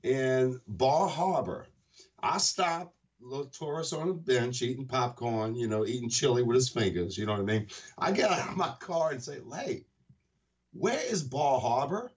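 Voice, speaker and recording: Husky, lively radio host. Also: male voice, medium pitch, moderate pace, muffled recording. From Louisiana. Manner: enthusiastic, preachy exclamations. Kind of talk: casual radio chat.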